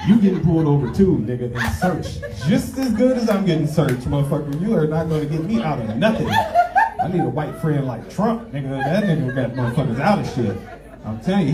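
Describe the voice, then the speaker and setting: A man doing a stand-up comedy set, telling loud profane stories and bantering with the crowd. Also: fairly high pitch. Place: comedy club. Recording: roomy club sound, distant mic, audience laughter. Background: audience laughing.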